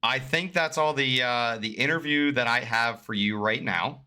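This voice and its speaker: A man's voice: mid-range voice, normal speed, bright, forceful tone. A man commentating for a gaming league, interviewing a player over voice chat in a friendly, chatty way. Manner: friendly, laughs easily, chatty. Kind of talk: casual post-game interview on stream. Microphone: voice chat mic.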